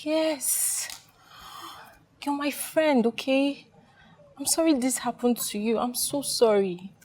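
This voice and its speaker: Soothing consoling friend. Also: female voice, high voice, slow, darkish tone. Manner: soothing, repeats reassurances. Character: sympathetic female friend consoling a grieving woman. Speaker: actress in a film. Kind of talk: film drama acting.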